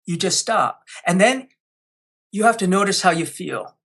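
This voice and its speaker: A man's voice: high voice, expressive, measured pace, a bit bright, breathy edge. A man speaking as a podcast guest, coaching listeners with energy and acting out quotes. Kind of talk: podcast interview.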